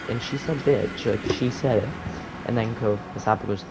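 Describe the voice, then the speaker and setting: A man's voice: on the low side, normal speed, background noise. A young man casually telling a rambling, laid-back story over gameplay, full of fillers and slang. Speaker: gaming storyteller.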